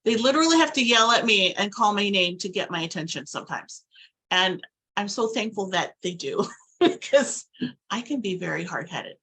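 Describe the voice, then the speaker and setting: A woman's voice: mid-range voice, lively intonation, normal speed, pushed and bright, breathy edge, rough recording. A woman giving a casual, rambling spiritual talk to camera, now and then acting out little quoted asides. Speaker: spiritual vlogger.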